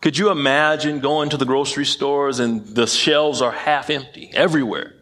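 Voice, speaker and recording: A man's voice: mid-range voice, fairly even intonation, normal speed, fairly bright tone. A man preaching a sermon in an emphatic way, often repeating phrases and tripping over his words. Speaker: pastor.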